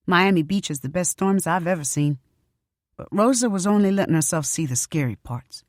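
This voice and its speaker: Woman, audiobook narration, low voice, dry close sound, expressive storytelling. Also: moderate pace, dry recording. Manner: expressive first-person storytelling.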